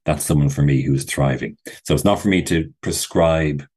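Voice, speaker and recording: Deep husky man, thoughtful. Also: normal speed, a little mellow. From Ireland. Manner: thoughtful, restarts often. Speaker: university skills director, guest. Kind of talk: podcast interview.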